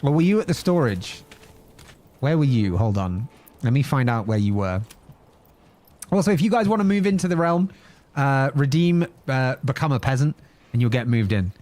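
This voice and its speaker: Playful streamer, lively pitch. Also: male voice, moderate pace, long pauses. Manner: playful, chatty, jokes and laughs often. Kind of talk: live-streamed gameplay commentary.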